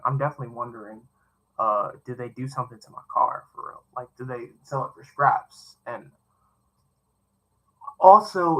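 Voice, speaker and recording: A man reads a novel aloud for fun and stops often for rambling side comments. His voice is very bright and sharp, and his pitch sits in the middle. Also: low-quality recording. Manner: chatty, wandering asides. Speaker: reader. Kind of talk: reading a novel aloud with casual asides.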